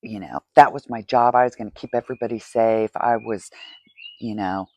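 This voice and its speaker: A woman's voice: very deep voice, fairly even intonation, fairly quick, darkish tone, no echo. A woman hosting a podcast, speaking candidly in a confessional monologue, often asking "right?". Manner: candid, tearful, asks rhetorical "right?". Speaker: podcast host.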